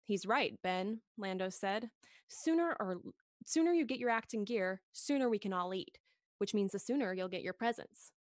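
A woman podcast host reading a story aloud in a gentle, expressive read-along style, lifting her voice for the dialogue. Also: medium pitch, normal speed, no room sound.

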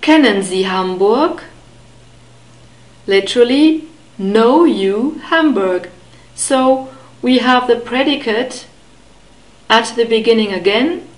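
A woman teaches pronunciation at a very slow, unhurried pace, her voice a little on the high side. She enunciates each word carefully and repeats it for the listener. The sound is roomy, with a noticeable echo around her. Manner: careful, deliberate enunciation with repeated model words. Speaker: language teacher.

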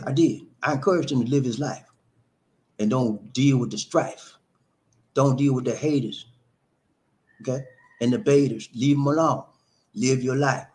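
A man hosting a casual live stream, greeting viewers by name, chanting and rhyming, and laughing at his own jokes. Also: mid-range voice. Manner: animated, shout-outs to viewers, chanting and rhyming.

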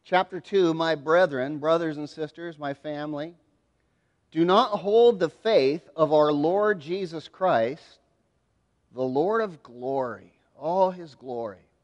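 Animated preacher in a reverberant church. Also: male voice, on the high side, slow, muffled recording. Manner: animated preaching with call-and-response to the congregation. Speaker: pastor. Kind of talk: expository sermon. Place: church sanctuary. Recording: long hall reverb.

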